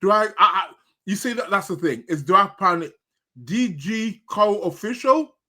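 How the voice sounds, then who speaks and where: A man's voice: sits high, a little fast, pushed and bright. A man hosting an astrology podcast live stream in a casual, rambling chat, greeting viewers by name and munching snacks as he talks.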